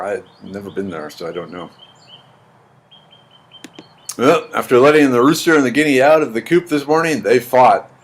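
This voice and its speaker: A man hosting a casual live stream at home, greeting viewers by name and rambling with dry jokes into his computer's built-in mic. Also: medium pitch. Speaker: live stream host reading chat. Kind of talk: casual chat. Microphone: computer's built-in mic, not his usual one.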